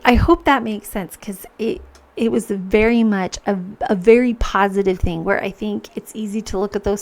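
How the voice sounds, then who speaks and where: Her gravelly, mid-range voice carries a sincere personal monologue on her podcast. She keeps starting over as she plays out what was going through her head.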